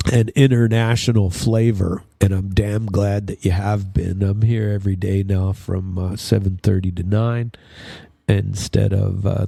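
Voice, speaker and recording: On his own radio show, a Minnesota man rambles through casual news commentary, stumbling over fillers and restarting often. The dry recording captures a fairly low, gravelly voice with a dark tone.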